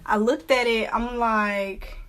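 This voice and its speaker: Teen girl vlogger, slightly high voice, casual storytime chatter with lots of fillers. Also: fairly even intonation, slow, fairly bright tone. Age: teens.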